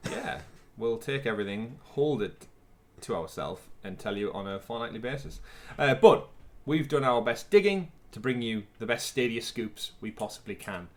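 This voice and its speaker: A man's voice: mid-range voice, animated, moderate pace. Male podcast co-host, casual, chatty, mid-range voice, fillers and laughs.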